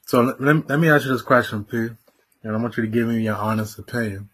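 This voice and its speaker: A man co-hosting a sports podcast, asking questions in a halting, casual way. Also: medium pitch, a bit bright, husky. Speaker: podcast co-host.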